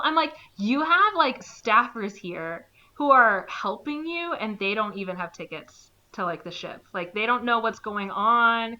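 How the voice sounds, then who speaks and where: A podcast co-host, a woman, recaps a movie in casual chat at a moderate pace, over lo-fi sound. She's animated, acting out characters with sudden pitch jumps and dropping plenty of "like" fillers.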